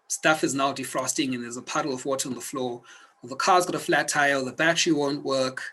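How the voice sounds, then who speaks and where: A man with a mid-range voice, pushed and bright, teaches a self-help lesson in an instructional video. He speaks earnestly and directly to the viewer, much like a coach. The recording quality is low.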